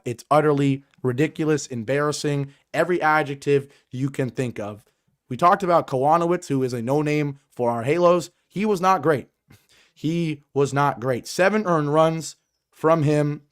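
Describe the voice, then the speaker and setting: A man with a raspy voice, hoarse from a cold, hosts a sports podcast. His fairly high voice drives through emphatic, exasperated commentary. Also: normal speed. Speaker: podcast host.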